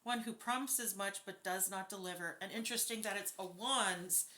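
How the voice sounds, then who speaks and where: A woman's voice: mid-range voice, normal speed, pushed and bright, slight background noise. A woman giving a casual spoken tarot reading, blunt and openly indignant, swearing freely as she talks through the cards. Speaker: tarot reader.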